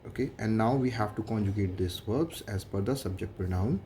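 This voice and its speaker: A man's voice: fairly low pitch, a little fast, mellow, slight background noise. A man with an Indian English accent, a French teacher explaining grammar methodically and translating each example line by line.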